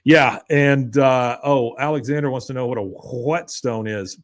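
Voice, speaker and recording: A man co-hosting a podcast, casually recapping an episode and acting out characters' lines in a higher voice. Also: unhurried. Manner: retells scenes, acting out lines with raised pitch. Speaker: podcast co-host.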